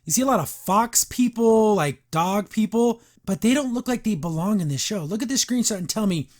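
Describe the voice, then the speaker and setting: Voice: mid-range voice, expressive, fairly quick, a little mellow. A podcast host giving a casual recap and review of a cartoon episode. The host rambles, uses lots of fillers and sounds wry and incredulous.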